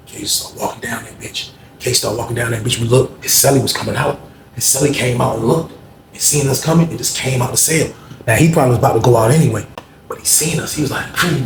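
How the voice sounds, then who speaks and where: A man telling a profane, vivid story out loud, acting out scenes and humming sound effects between lines. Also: mid-range voice, slight background noise. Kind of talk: animated street storytelling. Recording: roomy echo.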